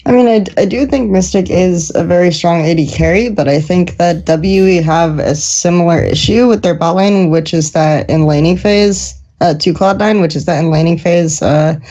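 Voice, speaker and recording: A woman's voice: fairly low pitch, moderate pace, dark tone, lo-fi sound. A woman esports analyst on a panel, talking thoughtfully with hedges and restarts. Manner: thoughtful, hedging, many restarts. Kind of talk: casual panel discussion.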